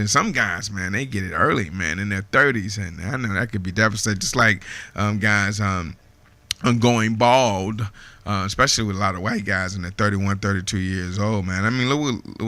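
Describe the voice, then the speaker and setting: A man's voice: lowish voice, sharp tone, no echo. A man in his fifties hosting a radio show, chatting casually with listeners, laughing often and filling his talk with "man" and "you know.". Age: 50s. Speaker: radio host. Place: radio studio.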